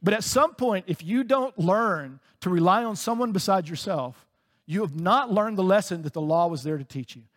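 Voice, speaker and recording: High-voiced pastor in a reverberant hall. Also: male voice, normal speed. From United States. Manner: conversational and animated, laughing between points. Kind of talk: sermon.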